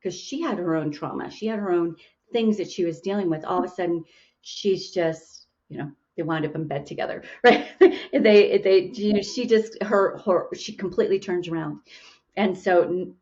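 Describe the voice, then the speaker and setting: Low-voiced woman hosting a talk show. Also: moderate pace, darkish tone, lo-fi sound. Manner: musing, with many restarts and fillers. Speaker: podcast host. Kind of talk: casual interview chat.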